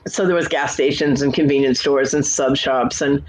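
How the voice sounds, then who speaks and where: A woman in her forties hosts a relaxed chat show. She spins long personal stories in a loose, rambling way. She brings the back-and-forth of old conversations to life as she tells them. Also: rumbling low, moderate pace, a little hiss or hum, rough recording. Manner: chatty storyteller who acts out quoted exchanges. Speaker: host. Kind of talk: casual chat.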